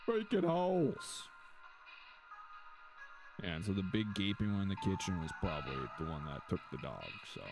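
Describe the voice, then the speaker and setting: A man's voice: low-pitched, quick pace, hardly any pauses, over music. A man streaming a game, joking and rambling and slipping into silly voices. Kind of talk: casual gaming livestream.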